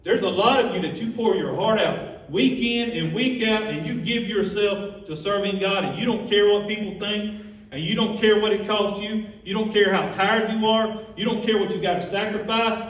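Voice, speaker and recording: A man's voice: high voice, moderate pace, a bit bright. A man preaching a sermon with passion, rising into half-sung cadences. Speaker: pastor. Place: church sanctuary. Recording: echoey church from a distance.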